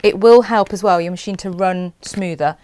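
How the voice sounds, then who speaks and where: A woman who teaches sewing, hosting a live show and chatting warmly with tips for viewers. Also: mid-range voice, moderate pace, smooth, no echo. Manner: bright, chatty, reassuring.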